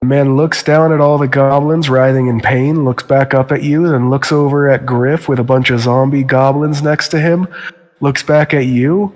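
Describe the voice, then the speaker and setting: A man's voice: medium pitch, steady tone, moderate pace, darkish tone, long reverb tail. A man narrating a tabletop game as game master, describing scenes steadily and briefly voicing nervous guards.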